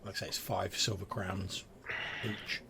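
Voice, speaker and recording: A man narrating as game master in a relaxed, filler-heavy way. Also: low-pitched, a little slow, vocal fry, noisy background. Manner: relaxed, hesitant descriptive narration with many fillers.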